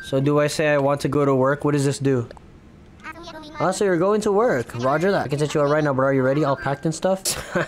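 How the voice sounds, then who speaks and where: A man streaming a game, chatting excitably and casually with his viewers in slang. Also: on the high side, a little fast. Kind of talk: casual livestream gaming chat.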